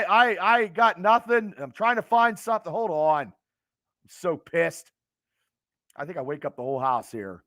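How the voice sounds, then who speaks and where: In a dry, clean studio recording, a high-pitched, slightly bright male voice rants on a late-night live stream. He's a fan show host at home, upset about a lost game, stammering and cursing as he reads comments from viewers.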